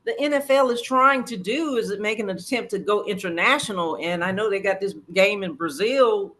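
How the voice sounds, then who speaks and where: A guest on a casual interview over a video call who tells stories in an animated way and acts out what other people said. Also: mid-range voice, moderate pace. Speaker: guest, sports superfan.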